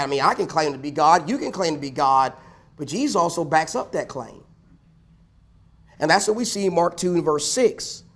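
A pastor preaching a sermon to a congregation, asking rhetorical questions and repeating key lines for emphasis. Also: male voice, high voice. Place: church.

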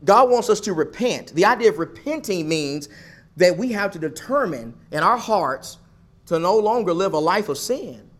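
A man's voice: high-pitched, lively intonation, moderate pace, a bit bright. A man preaching a sermon, building emphasis through repeated phrases. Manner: emphatic, repetitive preaching cadence.

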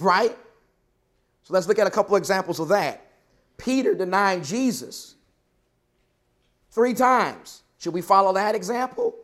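A man teaching from scripture in an earnest, questioning way, with a voice a touch higher than most men's. He slows down to press on the words he wants remembered. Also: a bit bright. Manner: earnest, questioning, stresses key words slowly. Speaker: preacher. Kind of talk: Bible class sermon.

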